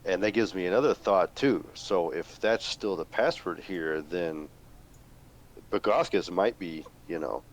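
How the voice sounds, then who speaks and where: Deep-voiced man playing a tabletop game. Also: measured pace. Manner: hesitant, thinking aloud with fillers. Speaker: player. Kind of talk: tabletop game play, casual chat.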